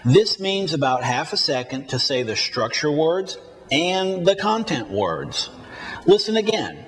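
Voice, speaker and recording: A man teaching a recorded spoken-English lesson, reading model sentences slowly and deliberately for learners to repeat. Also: fairly high pitch, big pitch swings, a bit bright, a little hiss or hum.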